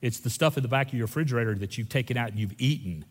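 A man preaching a sermon as a pastor, folksy and animated, moving between loud stretches and hushed ones. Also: mid-range voice, rapid-fire, breathy edge. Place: church sanctuary. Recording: long reverb in a large hall.

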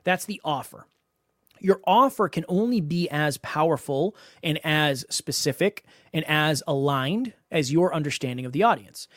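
A man's voice: on the high side, expressive, moderate pace, a bit bright, dry recording, clean studio sound. A man hosting a solo podcast as a coach, talking emphatically and often repeating words for stress.

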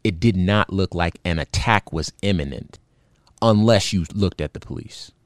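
A man's voice: low voice, normal speed, dry recording, clean studio sound. A man hosting a show, recounting a video in earnest, indignant commentary with many fillers and restarts. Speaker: podcast host.

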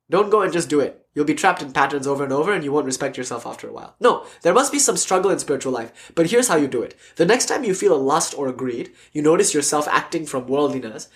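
A man giving a spiritual lecture in an animated storytelling way, sometimes dropping to a soft near-whisper. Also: a little high. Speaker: spiritual teacher.

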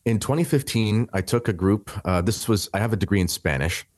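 Deep-voiced man telling his story. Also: fairly quick, darkish tone, no echo. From Canada. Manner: rambling, many restarts and fillers. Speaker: podcast guest. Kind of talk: conversational storytelling.

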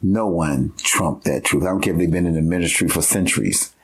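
Deep husky man leading a Bible study. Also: a little fast. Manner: animated, plays out scenes in casual slang.

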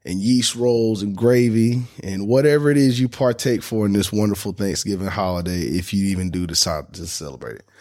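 A man's voice: lowish voice, darkish tone. A man hosting a fan sports podcast, ranting in a heated, indignant way and cursing freely. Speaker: podcast host.

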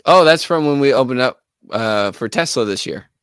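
A young adult man, a musician guest, telling a story in a lively, casual way and laughing as he goes. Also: mid-range voice, moderate pace, clear, resonant tone, no echo. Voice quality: animated, laughs while telling.

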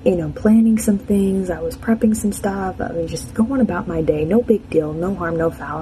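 A woman's voice: fairly low pitch, fairly quick, warm tone, slight background noise, rough recording. A young adult woman telling a casual personal anecdote in a chatty, frank and self-mocking way. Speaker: storyteller.

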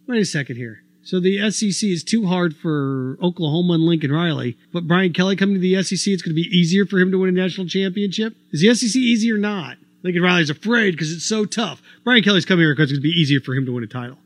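High-voiced man arguing sports opinions. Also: fast, few pauses, no echo. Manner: argumentative, rhetorical questions, animated. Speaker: sports talk host. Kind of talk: opinionated sports commentary monologue.

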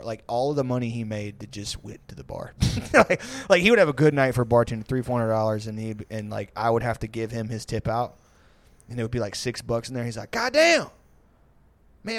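A man casually telling bar stories on a podcast. His talk is loose and profane, packed with fillers, and he slips into mocking voices for the people he describes. His voice sits at an ordinary middle pitch. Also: a little mellow, no room sound. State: tipsy. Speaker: podcast host. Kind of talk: casual storytelling.

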